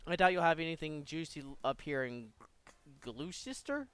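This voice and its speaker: A man reading a small-town police captain's lines from a game aloud, in a casual, flat way. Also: on the high side, normal speed, clean tone, no room sound.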